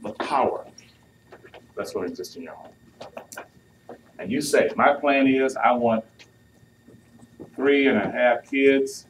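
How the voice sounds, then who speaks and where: A man preaches to a youth crowd at a slow, unhurried pace. He acts out couples' lines in a playful way. His voice sounds distant from the mic, with faint noise underneath. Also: mid-range voice. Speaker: youth speaker. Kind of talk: sermon.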